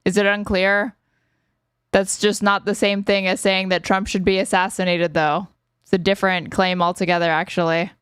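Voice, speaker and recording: A woman's voice: medium pitch, level tone, normal speed, a bit bright, smooth, no room sound, clean studio sound. A woman co-hosting a casual livestream, making sarcastic, combative retorts. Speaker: podcast co-host.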